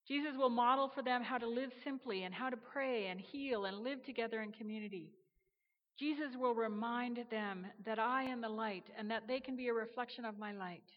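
A woman voicing God as a gentle, patient, loving female figure who speaks softly and calmly. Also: moderate pace, natural voice. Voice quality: soft and low-toned, quietly reassuring. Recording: dull reverberant sound.

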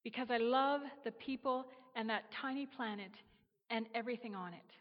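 A patient, tender female God speaking softly and reassuringly, as a woman storyteller puts her on. Her tone stays fairly light in pitch yet quiet and steady. The audio is muffled, with a long reverberant tail. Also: moderate pace, lightly acted. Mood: gentle. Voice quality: soft and low-toned, quietly reassuring. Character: gentle, patient female God, loving and calm. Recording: dull reverberant sound.

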